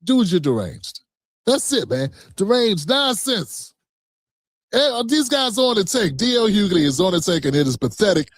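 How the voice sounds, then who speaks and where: A man's voice: high-pitched, very animated, normal speed, no echo, studio quality. A man streaming a reaction, talking back to a clip in a combative, profane, mocking way. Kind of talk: heated reaction commentary.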